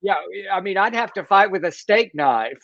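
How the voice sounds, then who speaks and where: A man's voice: sits high, normal speed, no room sound. A Texan man with a Southern accent co-hosts a casual livestream. His voice swoops up and down as he talks, and he often stumbles and restarts. The audio is dry and lo-fi. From Texas. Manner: expressive, stammers and restarts, laughs easily. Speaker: co-host. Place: Los Angeles.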